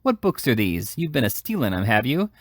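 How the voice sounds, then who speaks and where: A man voicing a rough, violent grown thief in an audiobook reading, gruff and bullying. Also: mid-range voice, big pitch swings, fairly quick, dry recording, studio quality.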